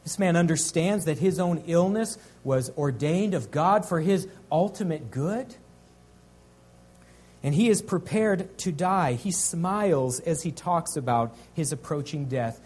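A man preaching a sermon as pastor, earnest, slowing and swelling on key phrases. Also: on the high side, expressive, a little mellow, husky.

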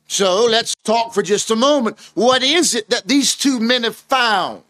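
A man's voice: very high voice, unhurried, pushed and bright, no echo. A man preaching a sermon in an earnest, emphatic way, asking his listeners rhetorical questions.

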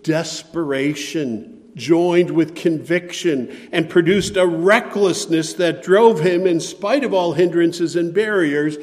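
A man preaching a sermon with impassioned, pleading delivery that swings between loud and soft. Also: on the high side. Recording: long hall reverb.

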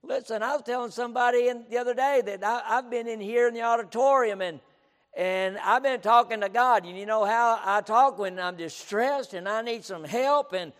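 In an auditorium full of reverb, a male pastor delivers a forceful sermon in an extremely high, fairly bright voice at a moderate pace. Repetition marks his style, and he often breaks in with "listen."

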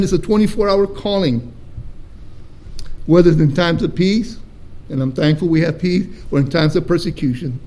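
A man with a notably high voice delivers a sermon in a church. He preaches emphatically, slowing down to stress words and asking rhetorical questions. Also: a little mellow. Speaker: pastor.

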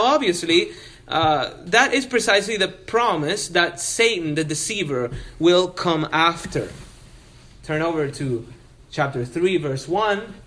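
A man's voice: on the high side, fairly bright tone. A male pastor preaching an expository sermon, reading scripture and explaining it with earnest emphasis.

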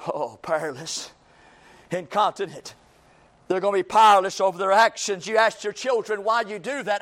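A man preaching a fiery church sermon, swinging from shouted lines to low, intense passages with repeated emphasis. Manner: repetitive, drawn-out emphasis.

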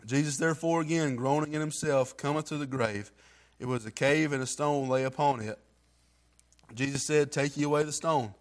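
A man's voice: a little high, moderate pace. A man reading scripture aloud and giving an earnest, heartfelt testimony in plain everyday grammar. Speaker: church member giving testimony.

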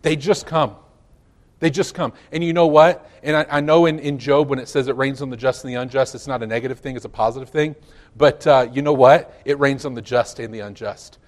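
A hoarse pastor preaching a sermon, a man who swings from loud declarations to low asides. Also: steady tone, fairly quick. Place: church sanctuary.

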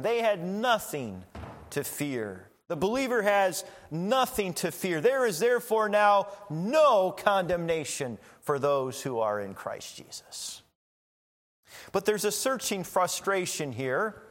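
A man preaching in a measured, unhurried sermon, his voice sitting somewhat high for a man. He leans into key phrases with emphatic lifts. The sound carries a long reverb, as in a large hall. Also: big pitch swings. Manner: slow, deliberate preaching with emphatic rises. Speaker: pastor.

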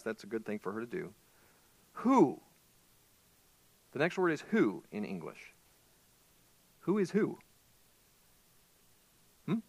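A male pastor preaching a sermon in an animated way, asking the congregation questions. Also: medium pitch, no room sound.

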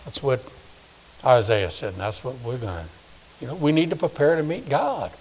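A man in his sixties preaching a sermon, swinging from loud emphasis to hushed, soft asides. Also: mid-range voice, big pitch swings, normal speed, breathy edge. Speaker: pastor. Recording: long reverb of a large hall.

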